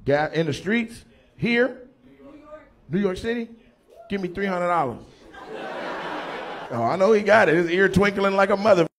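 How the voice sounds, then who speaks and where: A man doing stand-up crowd work, loudly teasing an audience member in a playful way. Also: sits high, expressive, moderate pace, long pauses. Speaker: stand-up comedian. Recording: live room with faint ambience.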